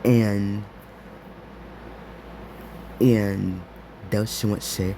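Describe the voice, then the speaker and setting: A man narrating an improvised fan story, halting, with many repeats and restarts. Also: fairly low pitch, steady tone, dark tone, a little hiss or hum.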